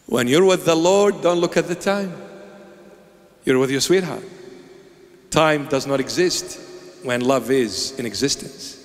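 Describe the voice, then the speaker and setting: A man's voice: a little high, a little slow, pauses often. A man delivering an emphatic, theatrical sermon as a preacher. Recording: long echoing reverb.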